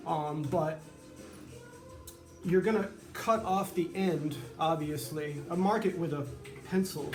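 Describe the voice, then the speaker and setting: A man's voice: on the high side, takes it slowly, pauses often, over music. Chatty man in a roomy workshop. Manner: rambling, chatty, many fillers and asides. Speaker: violin maker. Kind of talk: casual workshop tutorial. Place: humid workshop near the beach.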